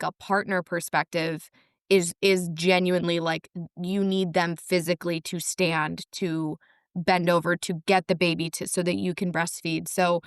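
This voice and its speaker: A woman's voice: lowish voice, a bit bright, smooth, dry recording, studio quality. A young woman telling her story in a candid, wry way on a casual podcast.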